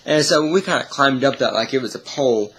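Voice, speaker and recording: A man's voice: mid-range voice, lively intonation, brisk, fairly bright tone, husky. A man vlogging, telling a long story in a rambling, easily sidetracked way with chuckles. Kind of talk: casual storytelling.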